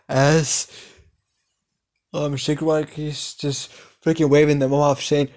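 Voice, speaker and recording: A man's voice: on the high side, level tone, slow pace, pauses often, darkish tone. A man improvising a fan story aloud, hesitant with many fillers and laughing at his own plot.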